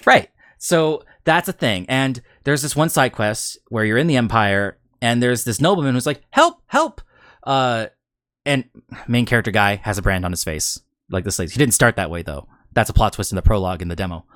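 A man co-hosting a casual gaming podcast, telling a long story in a rambling, animated way. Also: lowish voice, fairly quick, hardly any pauses, dry recording, studio quality. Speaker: podcast co-host.

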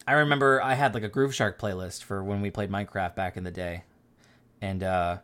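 A man's voice: lowish voice, steady tone, a little fast, fairly bright tone. Rambling casual man hosting a podcast. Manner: rambling, filler-heavy, swears casually. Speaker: podcast host. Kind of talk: casual chat.

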